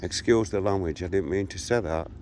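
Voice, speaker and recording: A man's voice: deep voice, brisk, darkish tone, a little hiss or hum. A man of sixty-three, telling a tough local story in a blunt, combative way while walking around outdoors. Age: 60s. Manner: blunt, combative retelling of a confrontation. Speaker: vlogger. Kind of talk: walkabout storytelling to camera.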